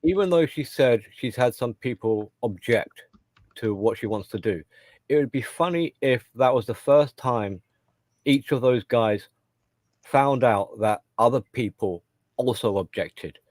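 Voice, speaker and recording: A man co-hosting a casual chat, thinking aloud in a halting, discursive way. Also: medium pitch, a little mellow, no echo.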